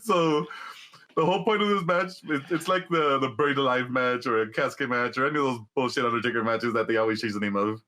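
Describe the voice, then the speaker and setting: A man co-hosting a casual podcast, retelling events in an animated, laughing way with frequent swearing. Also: mid-range voice, quick pace. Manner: animated, laughing storyteller who swears a lot. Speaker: podcast co-host. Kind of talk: casual chat.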